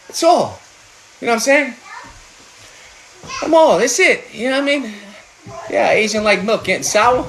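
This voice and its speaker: Blunt, lively man chatting while cooking. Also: sits high, moderate pace, creaky, long pauses, slight background noise. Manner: blunt, profane, animated. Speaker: home cook vlogger. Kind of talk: casual chat while cooking.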